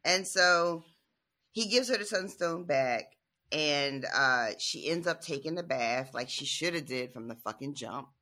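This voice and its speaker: A bright, sharp-toned co-host on a book podcast, talking casually with a lot of rise and fall in the voice. They laugh often, swear freely and retell scenes by quoting the characters. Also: medium pitch, expressive, unhurried.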